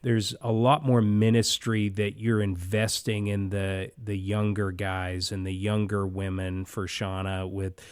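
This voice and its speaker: A man in his fifties with a lowish voice, talking in a relaxed interview as a church pastor. His delivery is playful and teasing, full of easy banter, and the sound is close and dry with little room around it. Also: measured pace, few pauses, clean tone, no echo. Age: 50s. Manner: joking, playful sports banter. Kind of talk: casual interview chat.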